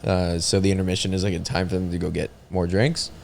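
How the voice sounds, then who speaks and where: A man with a fairly low voice, chatting loosely on a comedy podcast. He rambles, doubles back and repeats words while working out his point. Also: flat delivery, fast, gravelly. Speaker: podcast host. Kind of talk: casual chat among comedians.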